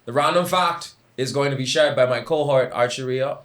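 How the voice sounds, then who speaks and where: A man's voice: medium pitch, moderate pace, a bit bright. A man co-hosting a podcast, chatting casually, playful and full of jokes and wordplay. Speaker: podcast co-host. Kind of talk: casual chat. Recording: echoey room.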